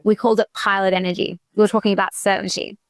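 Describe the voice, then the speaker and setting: A woman co-hosting a sales podcast in casual chat, an animated storyteller who acts out quotes and fills her talk with "like". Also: medium pitch, fast, no echo, clean studio sound. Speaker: podcast co-host, sales coach.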